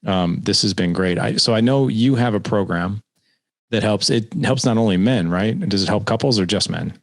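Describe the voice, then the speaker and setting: A man's voice: fairly low pitch, normal speed, dry recording. A man hosting a podcast interview, reflecting on what his guest says and asking follow-up questions. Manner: engaged, reflective, sums up and asks follow-up questions. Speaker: podcast host.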